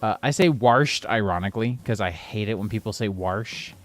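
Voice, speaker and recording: Guy rambling on stream while building stuff, gets fed up at the game sometimes, lowish voice. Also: moderate pace. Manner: chatty, rambling, exasperated outbursts at the game. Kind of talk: casual gameplay commentary.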